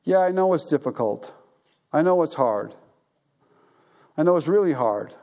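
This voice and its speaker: A man's voice: on the high side, expressive, normal speed, dark tone. A middle-aged man preaching a sermon to a congregation, talking plainly and often asking the listeners questions. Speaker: pastor.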